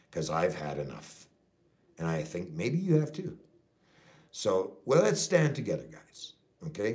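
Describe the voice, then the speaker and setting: A man's voice: sits low, a little mellow. A middle-aged man from Canada, a trucker and activist, ranting to his viewers with heavy swearing and a repeated "okay?". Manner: profane, repetitive, keeps saying okay. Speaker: activist vlogger. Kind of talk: impassioned rant to camera.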